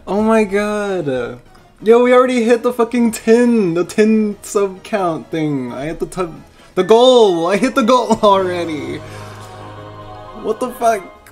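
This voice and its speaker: Excitable male streamer, high and very animated voice, slow deliberate delivery, overwhelmed, faint music behind. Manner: excited, swearing, laughing, stammering thanks. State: overwhelmed, tearing up. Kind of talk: live stream reaction.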